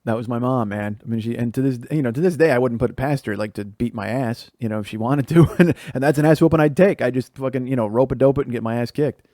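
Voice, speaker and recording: A man's voice: medium pitch, quick pace, hardly any pauses, mellow, dry recording, studio quality. A middle-aged man from the Chicago area, hosting a podcast and telling profane stories about his childhood, laughing as he goes. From Chicago area, USA. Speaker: podcast host. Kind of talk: storytelling monologue.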